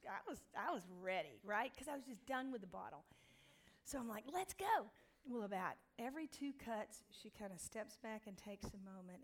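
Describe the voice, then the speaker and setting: Animated woman telling a funny faith story. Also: mid-range voice. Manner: animated, acts out quoted voices. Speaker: speaker at a women's faith gathering. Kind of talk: humorous faith-based storytelling talk.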